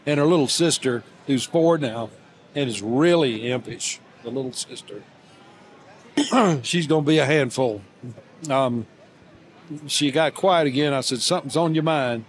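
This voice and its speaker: An older man, a guest in an interview, telling warm everyday stories in a halting, gently humorous way, with many fillers and restarts. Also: mid-range voice. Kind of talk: reflective storytelling interview.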